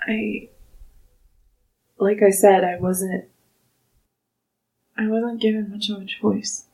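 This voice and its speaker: A woman's voice: medium pitch, mellow, breathy edge, full character voice, poor audio. A woman playing a remorseful orc father. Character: emotional middle-aged orc father, remorseful.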